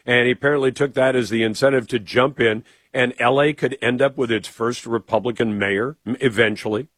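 A man's voice: medium pitch, fairly even intonation, brisk, fairly bright tone, dry recording. Male radio host, dry studio sound, conversational, steers the chat with questions. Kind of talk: casual political talk on radio.

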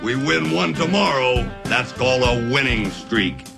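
A man's voice: medium pitch, expressive, a little slow, gravelly. An actor playing a grown man rousing his friends into a wild stunt, in a film clip with music behind him.

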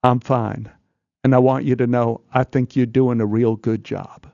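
Man doing a calm brave boy, gentle steady reassurance, low voice, dull dry sound. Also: moderate pace, gravelly, dry recording, lightly acted. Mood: gently reassuring. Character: calm, brave young boy, about eleven.

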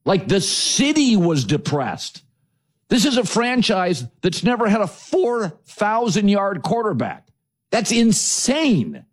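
Animated high-voiced sports talk host. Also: male voice, takes it slowly. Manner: emphatic, lecturing, punchy lists. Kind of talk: opinionated sports commentary monologue.

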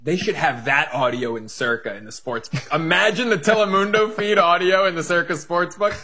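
A man's voice: fairly high pitch, moderate pace, sharp tone, husky. A man co-hosting a sports betting show, bantering playfully and teasing his partner. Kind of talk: casual banter.

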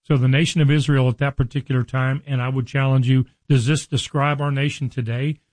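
A man preaching a sermon, reading scripture slowly and explaining it in an earnest, conversational way to his listeners. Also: medium pitch, level tone, darkish tone, no echo, rough recording. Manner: addresses listeners directly.

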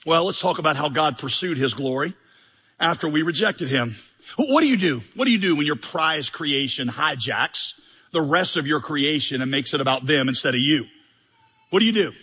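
Bright husky-voiced preaching man. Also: a little high, animated, normal speed, long reverb tail. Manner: conversational, humorous, emphatic, rhetorical questions. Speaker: pastor. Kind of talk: sermon.

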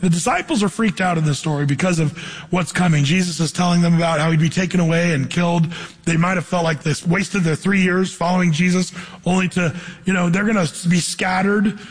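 A middle-aged male pastor preaching a sermon, quoting scripture and acting out voices with animated delivery. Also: high-pitched, brisk, husky, in a large hall, low-quality recording.

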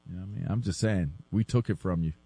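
A man's voice: low-pitched, fast, warm tone. A man co-hosting a sports podcast, playful and teasing in casual chat. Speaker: podcast co-host.

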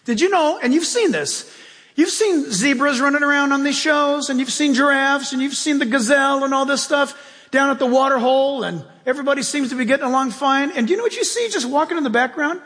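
A male pastor preaching a sermon with animated storytelling, acting out voices. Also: extremely high pitch, fairly quick, in a large hall.

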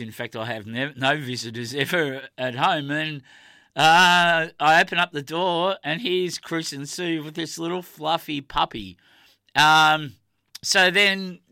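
A man's voice: fairly high pitch, bright, forceful tone, no echo. A middle-aged Australian man hosting a radio show, chatting in a rambling, heartfelt way with plenty of fillers. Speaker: radio host. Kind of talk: casual radio chat.

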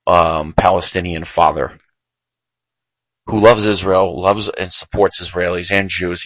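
A man's voice: deep voice, fairly bright tone, no echo, low-quality recording. A man hosting a show, giving heated, emphatic political commentary with frequent repetition. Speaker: show host.

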